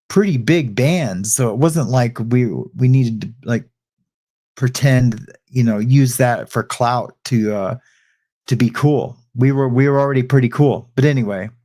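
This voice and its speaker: With a mellow, mid-range voice, this middle-aged livestream host talks loosely with his live audience. His story rambles along, broken up by restarts and digressions.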